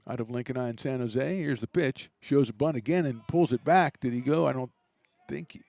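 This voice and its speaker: A man doing relaxed, chatty play-by-play commentary for a college baseball game, with self-deprecating asides. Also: mid-range voice, fairly quick, gravelly, no echo. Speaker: play-by-play announcer.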